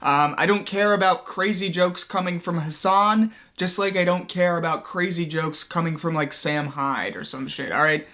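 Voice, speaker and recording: High-voiced young man doing crude commentary. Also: normal speed, hardly any pauses, sharp tone. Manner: crude, mocking, profane, laughing at his own jokes. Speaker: commentary YouTuber. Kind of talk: comedic video commentary.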